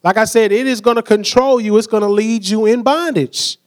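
High-voiced man preaching conversationally. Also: fairly quick. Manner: conversational preaching, asks the crowd questions, acts out quotes. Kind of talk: sermon.

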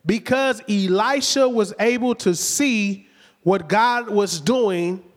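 A man preaching a sermon, retelling the story lively and conversationally with rhetorical questions. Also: high-pitched, takes it slowly. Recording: long hall reverb.

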